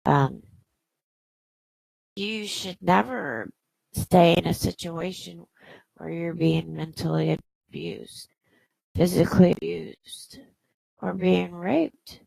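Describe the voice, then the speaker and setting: Low gravelly woman telling her story. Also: darkish tone, no echo, low-quality recording. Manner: halting, with many fillers and restarts. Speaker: host. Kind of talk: personal storytelling.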